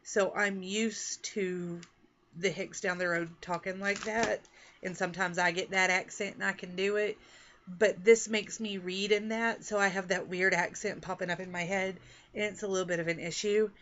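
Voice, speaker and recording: An author and book vlogger from Texas and Oklahoma, USA, chats casually to the camera about her reading and writing goals, rambling and poking fun at herself. Her mid-range voice is fairly bright, with fairly even intonation and a moderate pace, though the recording is muffled with slight background noise.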